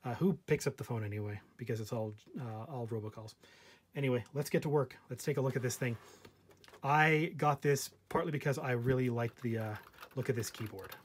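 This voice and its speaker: A man's voice: medium pitch, a little fast, slightly rough. A man casually presenting a vintage terminal on camera, full of joking asides and fillers, sometimes moving away from the mic. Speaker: vintage computer hobbyist host. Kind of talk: casual show-and-tell vlog.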